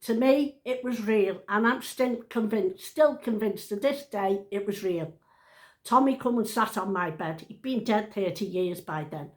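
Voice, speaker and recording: A woman's voice: medium pitch, a little slow, roomy sound. A woman in her seventies, telling a family story at home in a chatty, rambling way, often breaking off and interrupting herself. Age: 70s. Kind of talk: casual storytelling to camera.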